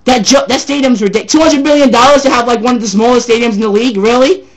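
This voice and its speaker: A man ranting loudly and profanely about sports, repeating himself, his voice a little sore from yelling. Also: extremely high pitch, fairly even intonation, fast talker. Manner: loud, profane, repetitive ranting. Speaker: sports ranter. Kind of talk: angry sports rant vlog.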